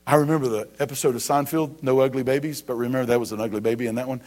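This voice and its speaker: A man's voice: mid-range voice, fairly even intonation, rapid-fire, darkish tone. A man in his thirties preaching as a pastor, building emphasis with rhetorical questions and casual asides. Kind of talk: sermon.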